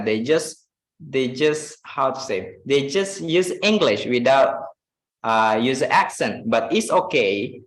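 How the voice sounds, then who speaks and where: A man's voice: medium pitch, a bit bright, reverberant, rough recording. A man with an Indonesian accent, teaching English in a live online class, mixing in Indonesian with many fillers.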